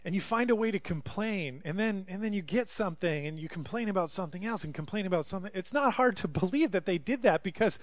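A man's voice: sits high, lively intonation, fast, few pauses, no room sound. A man preaching a sermon as a pastor, telling a story conversationally and asking rhetorical questions.

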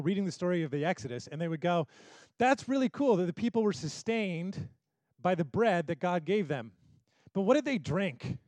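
A man's voice: high voice, a little mellow, dry recording. A man preaching a sermon who talks animatedly and acts out the voices of the people he quotes. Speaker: pastor.

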